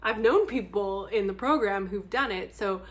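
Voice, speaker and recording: A woman's voice: mid-range voice, moderate pace, fairly bright tone. A young adult woman talking bluntly and candidly to camera in a casual vlog chat, laughing often and swearing freely. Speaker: book vlogger.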